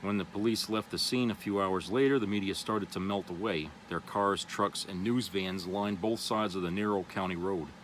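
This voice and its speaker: A man's voice: low-pitched, moderate pace, hardly any pauses, slight background noise, low-quality recording. A man vlogger reads an article aloud, then comments casually and loosely, with many fillers. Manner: loose and rambling, with many "you know" fillers.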